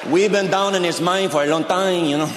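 A man putting on the voice of a trapped male miner, talking in a slow, mock-serious, gloomy drawl on a roomy stage. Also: high voice, noisy background, pitched above the performer's own voice, close to an everyday voice. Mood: mock gloom. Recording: roomy stage with crowd ambience.

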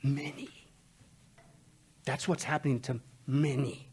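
A man preaching an expository sermon to a church congregation, swinging between loud emphatic outbursts and low hushed warnings. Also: steady tone, slow pace, creaky, breathy edge. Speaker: pastor. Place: church service.

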